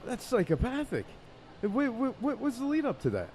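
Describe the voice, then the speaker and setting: A man hosting a radio interview show, asking quick questions and reacting often with laughs. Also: extremely high pitch, wildly swooping pitch, darkish tone, slight background noise. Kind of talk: casual interview.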